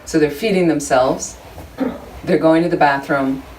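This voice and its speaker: A woman's voice: sits low, steady tone, unhurried, a little mellow. A woman teaching a Buddhist study group in a chatty, humorous, conversational way, with many asides to her listeners. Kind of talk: informal dharma teaching. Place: room with a small group of listeners. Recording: distant room recording, faint background noise.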